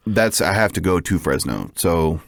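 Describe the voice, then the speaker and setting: A man's voice: low-pitched, lively intonation, moderate pace, no echo, clean studio sound. A young man co-hosting a podcast, laid-back in casual chat, often answering with short agreement. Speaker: podcast co-host.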